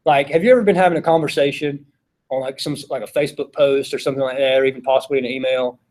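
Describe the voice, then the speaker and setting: A man's voice: medium pitch, fairly even intonation, fast, darkish tone. A man teaching a philosophy class, talking casually and putting questions to the students. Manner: conversational, asks the class questions. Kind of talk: classroom lecture.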